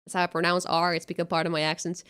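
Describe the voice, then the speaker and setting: A woman's voice: fairly low pitch, level tone, racing, a bit bright, smooth. A young woman with a Finnish accent chatting casually on a gaming stream, rambling and giggly with lots of fillers. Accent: Finnish-tinged American English. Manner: rambling, giggly, thinks aloud with many fillers. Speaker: VTuber streamer. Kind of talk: casual chat while gaming.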